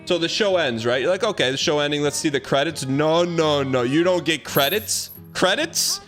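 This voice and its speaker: A man in his thirties, a streamer telling a rambling, animated story in casual chat with comic exaggeration. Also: a little high, brisk, faint music behind.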